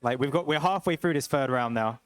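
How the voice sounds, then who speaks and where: A young man co-commentating a live esports match with steady, analytical play-by-play. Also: mid-range voice, fairly quick, clean tone, no echo.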